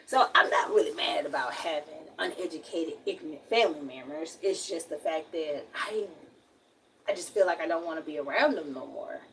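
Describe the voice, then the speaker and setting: A woman's voice: sits low, lively intonation, moderate pace, fairly bright tone, recorded from a distance, a little hiss or hum, poor audio. A young woman with a Southern US accent, from Alabama, talking frankly and at length in a casual livestream. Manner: frank, rambling, emphatic.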